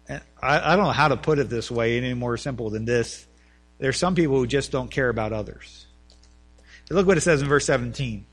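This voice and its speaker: A man preaching a sermon as pastor, rising to loud emphatic peaks and dropping low, often repeating words and restarting sentences. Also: normal speed.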